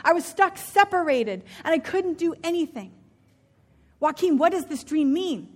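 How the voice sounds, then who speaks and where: A woman voicing a frantic rich master who talks in a loud, urgent, pleading way. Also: very high-pitched, expressive, normal speed, pitched above the performer's own voice. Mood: distraught.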